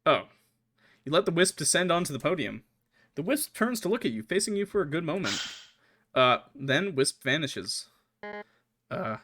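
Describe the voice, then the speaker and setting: A man streaming a game, reading the characters' lines aloud in put-on higher voices between joking and swearing. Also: sing-song, normal speed, pauses often, bright, forceful tone. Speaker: gaming streamer. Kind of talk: let's play with voiced dialogue reading. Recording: music playing behind the voice. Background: game music.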